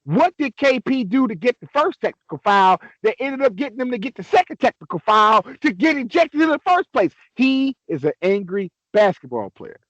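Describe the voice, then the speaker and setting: A young man on a casual sports podcast, ranting excitably and swearing a lot. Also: very high-pitched, brisk, hardly any pauses, dry recording, dull audio. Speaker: podcast co-host.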